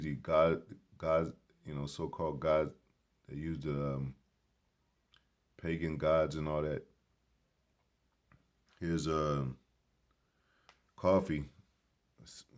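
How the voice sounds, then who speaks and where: Man with a super deep low voice, rambling and preachy, blunt, cusses a lot, talking at the grocery store. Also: darkish tone. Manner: emphatic, preachy, blunt with swearing. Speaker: vlogger. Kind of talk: casual rambling commentary.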